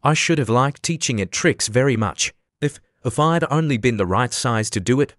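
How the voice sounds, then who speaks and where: A man's voice: medium pitch, expressive, moderate pace, no echo, clean studio sound, close to an everyday voice. A man voicing a polite, shy young girl, reading her earnest lines in an audiobook.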